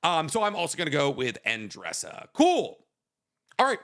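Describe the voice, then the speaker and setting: A man co-hosting a casual podcast, joking and bantering. His voice is bright and sits a bit high, and his pitch swings widely. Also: wildly swooping pitch, moderate pace. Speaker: podcast co-host. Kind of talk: casual chat.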